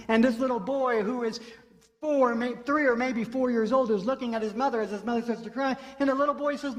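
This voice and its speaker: A man's voice: extremely high pitch, brisk. A man preaching a sermon as pastor, telling a story and repeating phrases for emphasis. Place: church sanctuary. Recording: long hall reverb.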